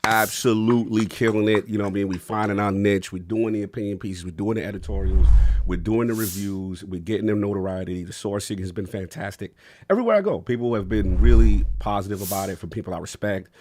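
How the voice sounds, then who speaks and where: Lowish voiced dude hosting a gaming podcast, hyped and slangy, faint hiss behind. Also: male voice, steady tone, brisk, a little mellow. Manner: hyped, slangy, laughs a lot. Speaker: podcast host. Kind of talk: casual gaming podcast chat.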